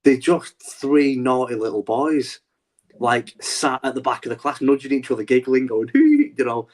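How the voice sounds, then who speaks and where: A man's voice: mid-range voice, steady tone, moderate pace. A man co-hosting a wrestling podcast, talking animatedly in a rambling, casual way with lots of restarts. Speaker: podcast co-host.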